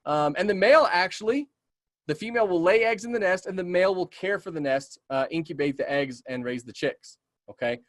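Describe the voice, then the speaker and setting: A man's voice: sits high, animated, fairly quick, a bit bright, dry recording, studio quality. A man who works as a community naturalist, teaching a casual webinar and answering audience questions with enthusiastic, chatty talk full of ums and okays, his voice a bit tired. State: voice getting tired.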